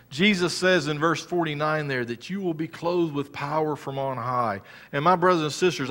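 A man preaching a sermon as pastor, moving between raised exhortation and quiet personal storytelling. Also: medium pitch. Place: church sanctuary. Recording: church hall reverb.

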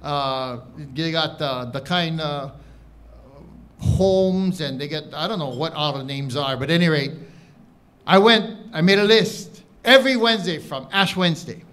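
A man with a Hawaiian Pidgin accent doing live stand-up comedy, telling an animated story with audience banter. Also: on the high side, measured pace, clean tone. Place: live showroom stage with audience. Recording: echoey room, crowd laughter, background noise.

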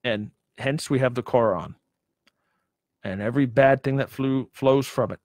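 A man's voice: mid-range voice, measured pace, darkish tone, no echo. A man preaching a sermon, emphatic, with many rhetorical questions and repeated words.

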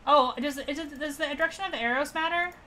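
A woman's voice: sits high, quick pace, bright, forceful tone, slight background noise. A young woman casually thinking aloud and joking sarcastically with her chat while she streams a puzzle game. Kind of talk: casual let's-play commentary to chat.

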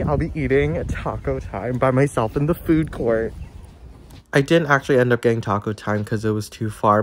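A man's voice: medium pitch, a little hiss or hum. A young man in his twenties chatting casually for his vlog, bubbly and gushing, with lots of filler words. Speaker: YouTuber.

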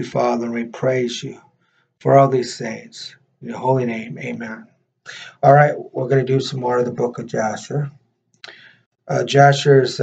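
A man, a minister and host, leading prayer and reading scripture in a halting way, repeating words with many fillers. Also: medium pitch, vocal fry, breathy edge. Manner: reads scripture slower and louder. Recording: dull lo-fi recording.

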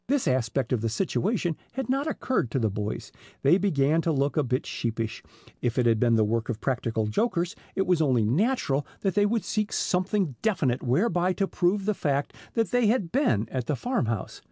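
A man narrating an adventure audiobook with expressive storytelling. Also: on the high side, moderate pace, husky, dry recording.

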